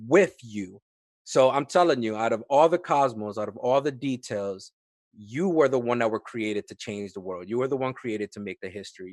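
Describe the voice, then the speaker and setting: A man's voice: medium pitch, no room sound. Fervent man preaching off the cuff. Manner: fervent, building to loud emphatic peaks. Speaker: podcast guest, youth minister. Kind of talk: impromptu preaching, casual chat.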